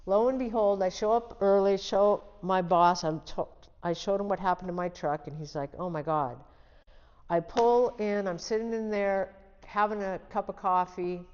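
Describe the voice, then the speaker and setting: A woman's voice: mid-range voice, darkish tone, long reverb tail, highs cut off. An older woman, an interview guest, telling her life story and acting out the dialogue in it as she talks. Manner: vivid storyteller who acts out quoted dialogue; restarts and trails off mid-sentence.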